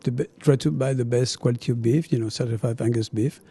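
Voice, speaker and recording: Man, French accent, middle-aged, chef, casual interview chat, very mellow dark tone. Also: medium pitch, fast talker, slightly rough. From France. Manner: animated storyteller, acts out dialogue, laughs often.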